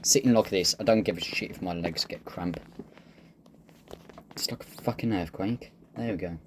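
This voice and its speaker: A man's voice: deep voice, normal speed, a little hiss or hum. A man giving casual, joking gameplay commentary, laid-back and swearing freely. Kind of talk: casual let's-play commentary.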